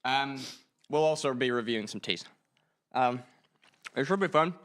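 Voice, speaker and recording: A man's voice: mid-range voice, normal speed, a bit bright, smooth. A young man hosting a student radio show in a studio, chatting and joking casually while calling out directions to the crew. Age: young adult. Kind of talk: casual livestream chat.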